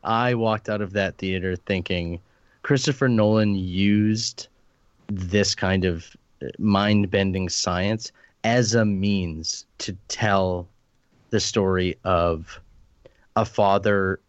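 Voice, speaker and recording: Very deep-voiced reflective man. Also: fairly even intonation, slow pace, dry recording, dull audio. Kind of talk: casual film discussion.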